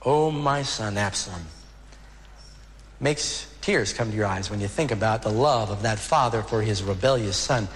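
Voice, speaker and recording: A man preaching a sermon as pastor, earnest, with dramatic slowdowns on key words. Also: fairly low pitch. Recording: hall reverb with faint ambient noise.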